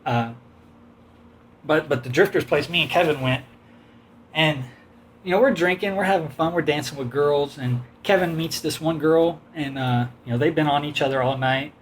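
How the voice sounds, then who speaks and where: A man's voice: on the high side, moderate pace, slight background noise. A man casually telling a long, rambling personal story, often quoting others and laughing along. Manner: rambling, animated anecdote with quoted voices and laughs.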